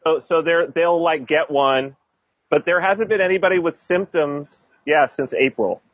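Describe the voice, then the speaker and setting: Brief: casual, rambling male storyteller, husky tone, dull lo-fi audio. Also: on the high side, unhurried, no room sound. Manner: rambling, many restarts and fillers, laughs while telling stories. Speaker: expat guest telling stories. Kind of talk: casual podcast chat.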